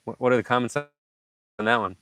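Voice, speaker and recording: A man hosting a livestream, telling a story casually and acting out sound effects and shouted lines. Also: mid-range voice, steady tone, brisk. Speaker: livestream host.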